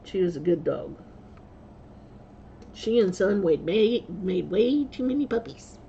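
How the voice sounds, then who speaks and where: A woman's voice: mid-range voice, animated, unhurried, creaky, mellow, lo-fi sound, slight background noise. A woman vlogger telling rambling stories in a casual way, laughing often and correcting herself as she goes. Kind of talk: casual storytelling.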